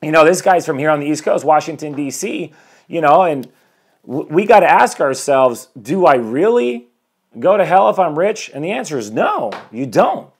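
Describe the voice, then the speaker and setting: A life coach in his forties hosts a motivational live stream from home, welcoming viewers as they join while he preaches self-improvement. His voice is a bit high and slightly rough, very animated at a normal speed, and his delivery is energetic though somewhat rambling.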